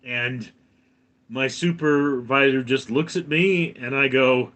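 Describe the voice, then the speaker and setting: A man's voice: medium pitch, slow, a bit bright. A man hosting a casual livestream from home, telling a long anecdote and reading out chat comments. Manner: chatty, reads out chat comments between anecdotes. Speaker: livestream host.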